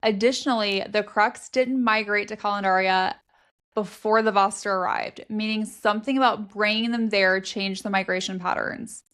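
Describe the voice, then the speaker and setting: A young woman co-hosting a book podcast, summarizing the story in a steady, matter-of-fact way. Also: mid-range voice, moderate pace, clean tone. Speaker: podcast co-host. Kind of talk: casual book recap chat.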